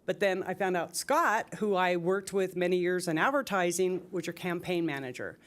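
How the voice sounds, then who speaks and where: An older woman speaks into a podium microphone with a slightly low voice. She tells fond stories in tribute, close to tears, and her words run warm and emotional. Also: normal speed. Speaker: public commenter. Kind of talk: public comment tribute. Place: city council chamber.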